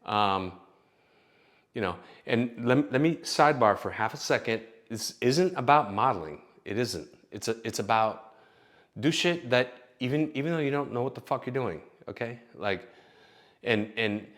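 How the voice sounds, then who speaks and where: A man's voice: medium pitch, expressive, normal speed, fairly bright tone. A man hosting his own channel, talking casually in a rambling, profane way with lots of restarts. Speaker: channel host, screenwriter. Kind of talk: casual vlog monologue.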